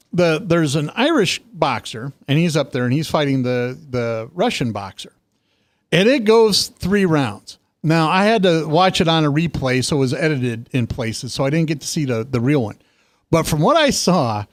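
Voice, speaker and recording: A man co-hosting a casual political talk show, telling stories with lively emphasis. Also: dry recording. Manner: animated storytelling, quick pitch jumps. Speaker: co-host.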